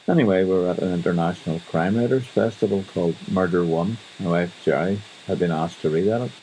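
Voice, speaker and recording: A man's voice: low voice, quick pace, mellow, slight background noise, poor audio. A Northern Irish man hosting a radio show, chatting wryly in a casual monologue. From Northern Ireland. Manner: chatty, wry storytelling. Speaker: radio host.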